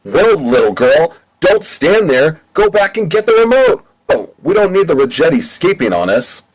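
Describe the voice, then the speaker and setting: A man reading an amateur audiobook, voicing a pair of bossy captors who scold in a raised, higher voice. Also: sing-song, normal speed, rough recording.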